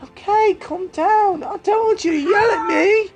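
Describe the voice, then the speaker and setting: A woman's voice: very high voice, a little slow, a little mellow, pitched above the performer's own voice. A woman voicing a timid, whiny young boy who is a prince.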